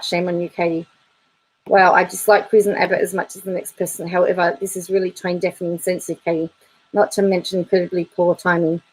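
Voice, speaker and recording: Chatty woman vlogger, slightly low voice, reads viewer comments aloud with dry humor and frequent laughs. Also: a little mellow, breathy edge, poor audio. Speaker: YouTube commentator.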